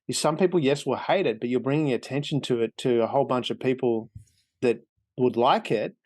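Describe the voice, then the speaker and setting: A man's voice: mid-range voice, brisk, a little mellow, no room sound. A man hosting a casual interview, rambling and thinking aloud as he asks his questions. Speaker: podcast host.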